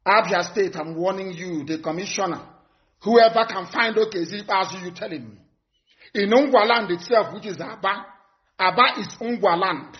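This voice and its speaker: A man delivers a live broadcast address, his voice pitched high for a man. He hammers home threats and warnings, repeating phrases for emphasis. The audio is dull and lo-fi. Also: normal speed. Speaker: movement leader.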